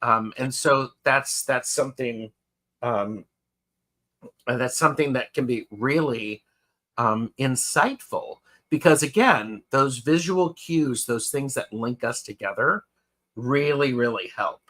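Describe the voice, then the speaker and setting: A man's voice: mid-range voice, animated, slow, a bit bright. A man co-hosting a live tarot show, chatting casually and reading out viewer comments. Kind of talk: casual chat on a live stream.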